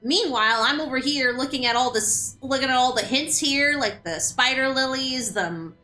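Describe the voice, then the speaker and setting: A woman's voice: high voice, normal speed, sharp tone. A woman streamer chatting casually and animatedly while playing a game, often repeating words as she starts a thought. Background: game music.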